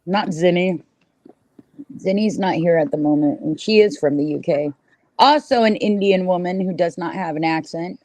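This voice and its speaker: A woman's voice: on the low side, moderate pace, dark tone, dry recording. A woman with an American accent hosting a casual live stream, blunt and teasing as she argues with her guests. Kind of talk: casual chat.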